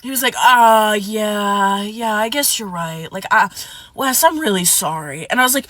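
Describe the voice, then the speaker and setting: A woman's voice: on the high side, expressive, measured pace, fairly bright tone. A woman telling a dramatic personal story, acting out quotes and swearing. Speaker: storyteller in a clip. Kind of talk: animated storytime.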